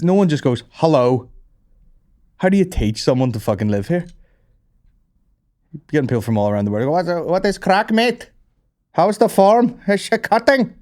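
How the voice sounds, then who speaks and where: A man's voice: on the low side, warm tone. Male podcast host, loose and profane, casual comedic rambling. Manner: sweary, rambling, quick to laugh.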